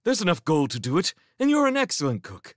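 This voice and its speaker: An urgent young merchant in chains, put on by a man reading a storybook snaps out brisk orders, his voice lifted a little above the narrator's low tone and swinging with energy. The sound is dry and close. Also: huge pitch swings, no echo. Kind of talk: storybook character voice.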